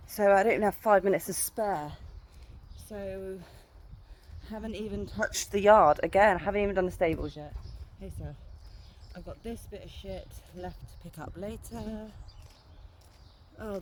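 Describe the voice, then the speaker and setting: A woman's voice: medium pitch, normal speed, slight background noise. A woman in her thirties, a horse owner, chatting bluntly and swearing freely in a casual ranting vlog from an outdoor yard.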